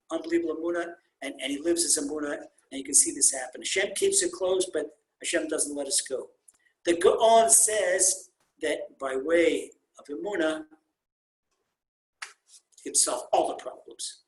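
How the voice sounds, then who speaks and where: A rabbi teaching an informal Torah class on a video call, telling stories with animated, repeated emphasis and Hebrew terms mixed into his English. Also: high voice. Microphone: computer mic on a video call. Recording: roomy echo on a video call.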